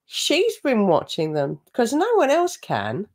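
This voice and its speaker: A woman's voice: on the high side, huge pitch swings, slow pace, darkish tone. A woman giving mocking, gossipy commentary over a video she is reacting to. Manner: sarcastic, gossipy asides.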